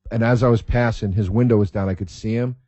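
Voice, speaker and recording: A man hosting a podcast, telling stories in a casual, profane, excitable way and laughing as he talks. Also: lowish voice, quick pace, no echo, highs cut off. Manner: profane, excitable storyteller who laughs mid-sentence. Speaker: podcast host. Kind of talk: casual storytelling.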